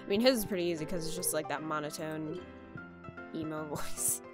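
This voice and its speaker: A woman's voice: sits low, a little fast, music in the background. A woman casually narrating her gameplay, chatting and exclaiming at the characters on screen. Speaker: let's play gamer.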